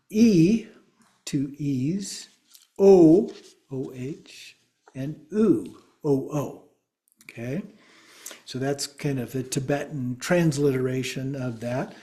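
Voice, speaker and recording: A man teaching a class, speaking slowly and deliberately and spelling words out letter by letter. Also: a little high, dark tone. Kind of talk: class lecture.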